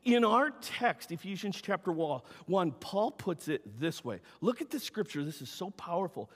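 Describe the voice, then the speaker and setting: A man preaches a sermon in a notably high voice, his delivery emphatic and swinging between ringing cries and hushed, gentle talk. The sound carries a long reverb tail, as in a large church sanctuary. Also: sing-song, normal speed. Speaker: pastor.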